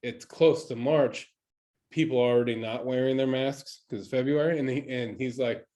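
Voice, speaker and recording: A man's voice: mid-range voice, fairly even intonation, moderate pace, warm tone. A man co-hosting a casual podcast, recounting a story in a loose, chuckling way. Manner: laid-back, chuckling, loose delivery. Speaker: podcast co-host. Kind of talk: casual chat.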